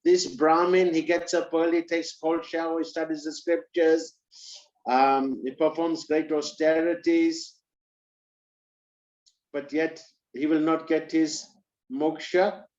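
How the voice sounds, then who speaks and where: A man's voice: a little high, moderate pace, warm tone, natural voice. A man voicing a devout male sage who questions what he hears, puzzled. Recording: roomy, slightly dull recording.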